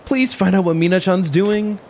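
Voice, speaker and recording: A man's voice: high-pitched, normal speed, a little mellow, a little hiss or hum. A man voicing an anxious middle-aged father who stammers as he pleads for help in a video game. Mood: pleading.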